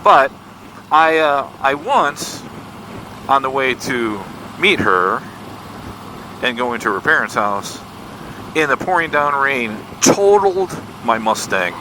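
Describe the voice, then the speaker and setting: A man's voice: medium pitch, slow, long pauses. Folksy older man telling a story on a motorbike. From Michigan, USA. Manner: folksy, self-deprecating, animated retelling of dialogue. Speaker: motorcycle vlogger. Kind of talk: casual storytelling while riding. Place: outdoors on a motorcycle on country roads. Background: faint road and vehicle noise.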